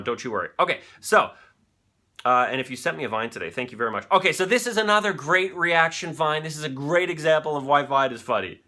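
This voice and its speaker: A man with a bright, fairly high voice hosts a live stream. His talk is loose and rambling, full of swearing and asides to the chat. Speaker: live-stream show host.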